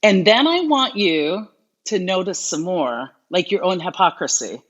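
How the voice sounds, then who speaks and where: A woman's voice: fairly low pitch, expressive, a little slow, dull audio. A middle-aged woman hosting a live stream, reading viewer questions and coaching in an earnest, encouraging way. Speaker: host.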